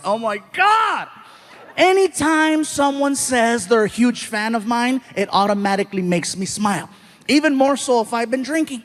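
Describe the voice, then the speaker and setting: A high-pitched man performing stand-up comedy. He tells his stories with animated energy and slips into quick voices for the people he quotes. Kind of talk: stand-up storytelling. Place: comedy stage before a live audience.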